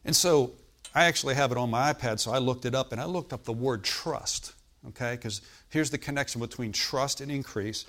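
A man's voice: mid-range voice, fairly quick, a bit bright. A man preaching a sermon in an emphatic, repetitive style, often calling out to his listeners for agreement. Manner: emphatic, repetitive, frequent "Amen?" calls to listeners. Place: hotel meeting room.

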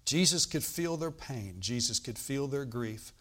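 A man preaching a sermon, reading scripture aloud and explaining it, swinging from loud bursts to quiet asides. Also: mid-range voice, measured pace. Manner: animated preaching, bursts loud on quoted lines then drops quiet; reads old-style scripture, asides with "all right?".

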